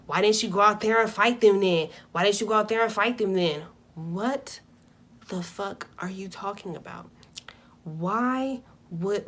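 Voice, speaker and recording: A young woman vlogger telling a casual storytime, animated and profane, swinging between loud outbursts and muttered asides. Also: mid-range voice.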